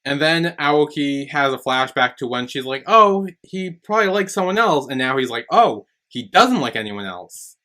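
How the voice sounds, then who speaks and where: A man's voice: on the high side, very animated, moderate pace, few pauses, pushed and bright. A man co-hosting a podcast, casually retelling a TV episode and quoting the characters. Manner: retells scenes with quoted lines, many "like" and "um". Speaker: podcast co-host. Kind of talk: casual recap chat.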